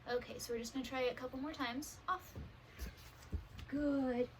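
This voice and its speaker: A woman training her service dog at home, talking to the camera in a calm, practical way and praising the dog warmly. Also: sits high, moderate pace, slight background noise, low-quality recording. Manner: upbeat praise to dogs between calm explanations. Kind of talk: casual training vlog. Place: bedroom at home.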